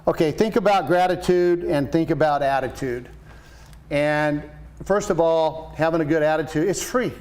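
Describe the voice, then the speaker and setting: A man in his sixties, a painting business owner, chatting as a guest and telling lively stories with quoted voices. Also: on the high side, moderate pace. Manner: enthusiastic storyteller, animated quoted voices. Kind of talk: casual interview chat.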